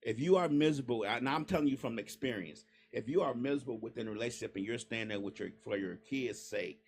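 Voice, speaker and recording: A man with a gravelly, mid-pitched voice makes his case in casual podcast talk. He presses his points firmly and says them twice for weight. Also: fast talker. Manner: firm and emphatic, repeats his point. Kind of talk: casual chat.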